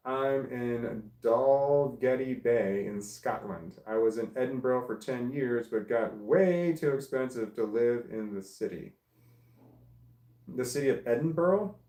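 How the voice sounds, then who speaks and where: Man, live stream host, reads comments aloud, casual musing, mid pitch, roomy echo.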